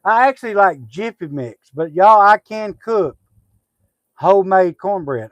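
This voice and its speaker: A man's voice: sits high, lively intonation, moderate pace, dry recording, dull audio. A middle-aged man, chatting casually on a homestead livestream, rambling with lots of fillers and restarts. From Southwest Arkansas.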